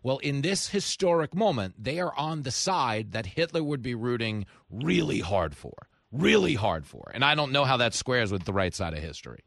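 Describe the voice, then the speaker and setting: A man hosting a talk radio show, speaking in an animated, sarcastic way and mocking his opponents in put-on voices. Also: mid-range voice, normal speed, vocal fry, few pauses, no echo. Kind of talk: opinionated talk radio monologue. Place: radio studio. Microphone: studio mic.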